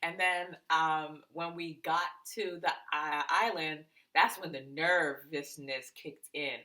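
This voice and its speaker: Young woman, Massachusetts accent, bright tone with a lowish pitch, chatty storyteller who laughs a lot. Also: steady tone, takes it slowly. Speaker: podcast co-host. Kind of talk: casual storytelling chat.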